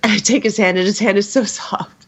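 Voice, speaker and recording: A young woman co-hosting a podcast, chatting casually and telling a story in an excited, gushing way with frequent laughs. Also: medium pitch, a little fast, slightly rough. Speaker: podcast co-host. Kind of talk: casual chat.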